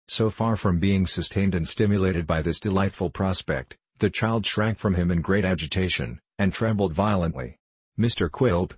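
A man narrating a classic novel as an audiobook in a measured storytelling delivery. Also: low voice, a little mellow, slightly rough, dry recording. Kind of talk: scripted narration.

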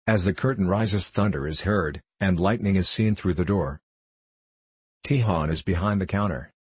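A man reading a play aloud, delivering stage directions in a measured, even way. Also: low-pitched, slightly rough, no echo. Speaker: narrator.

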